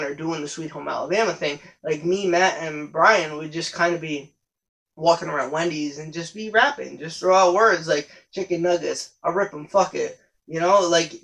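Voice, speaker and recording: A man's voice: a little high, fairly bright tone, rough recording. A young man telling stories in a casual, rambling podcast monologue, with frequent profanity and self-corrections. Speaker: podcast host.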